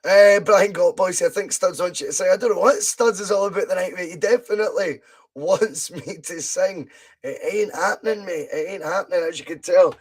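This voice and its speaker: A man's voice: high voice, a little fast, breathy edge. A Scottish man hosting a casual live podcast, chatty and laughing often, his voice a bit strained. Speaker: podcast host.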